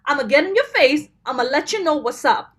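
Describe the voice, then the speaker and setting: A woman in her late thirties, from Pakistan, talks comedy and tells stories in an animated way. Her voice sits high and her pitch moves a lot, and she slips into the voices of the people in her stories. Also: quick pace. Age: 30s. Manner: animated storytelling, acts out quoted exchanges. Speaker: comedian and show producer. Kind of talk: casual interview chat.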